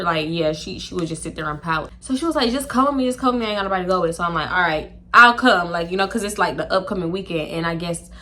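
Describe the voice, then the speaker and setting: A young woman telling a casual storytime, chatty and animated, acting out quoted dialogue with laughs. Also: medium pitch. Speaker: storytime YouTuber.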